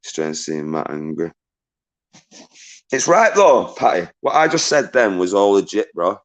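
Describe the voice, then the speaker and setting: A man's voice: low voice, big pitch swings, moderate pace. A man on a livestream, agitated and swearing as he reads out and answers viewer messages. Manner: agitated and ranting, swears often, shouts out viewers.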